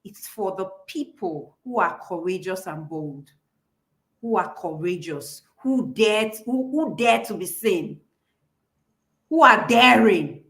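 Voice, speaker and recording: A woman's voice: on the low side, animated, unhurried. A woman hosting an online class, affirming and encouraging her guest and listeners. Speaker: host of the class.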